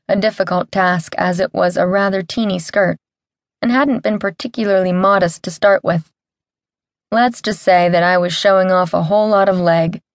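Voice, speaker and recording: A woman's voice: lowish voice, no echo, clean studio sound. A woman narrating a first-person audiobook in a wry, comic storytelling manner. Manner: wry, comic storytelling with lively character voices.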